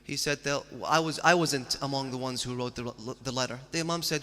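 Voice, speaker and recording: A man's voice: medium pitch, brisk, hardly any pauses, sharp tone. A man giving a religious sermon, telling stories with earnest, rising emphasis. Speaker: preacher. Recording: long hall reverb.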